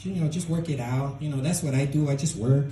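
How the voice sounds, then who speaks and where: A man voicing his stern, unemotional immigrant father, blunt and flat. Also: on the high side, a little fast, echoey room, slight background noise, close to an everyday voice, poor audio. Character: comedian's stern immigrant father, older man, all about work.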